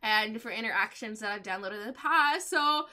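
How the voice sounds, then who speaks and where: A young woman host chatting excitedly over her gameplay, with many gasps, laughs and quick exclamations. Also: medium pitch. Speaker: gaming channel host. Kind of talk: casual gameplay commentary.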